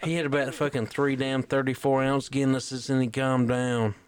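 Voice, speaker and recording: A man's voice: mid-range voice, little pitch movement, normal speed, slight background noise. A man casually telling a long, profane story on a podcast, peppering his sentences with filler curses. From Georgia, US. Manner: profane rambling drawl, peppered with "damn".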